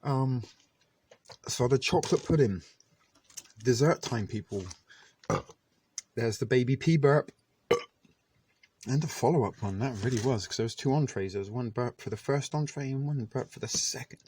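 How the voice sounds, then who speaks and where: Casual male food vlogger, mid-pitched, self-deprecating, talks while chewing; faint clicks in the background. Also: normal speed, long pauses, darkish tone, a little hiss or hum. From Canada. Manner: chatty and self-deprecating, talks with mouth full. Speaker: vlogger reviewing military rations. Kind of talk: casual eating review.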